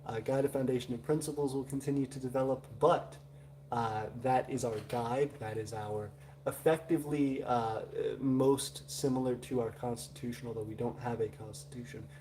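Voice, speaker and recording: A man's voice: mid-range voice, fairly even intonation, moderate pace, dark tone, a little hiss or hum. A man with a Southern US accent, hosting a live stream and chatting loosely through viewer comments with many filler sounds. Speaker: livestream host. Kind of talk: casual live chat reading viewer comments.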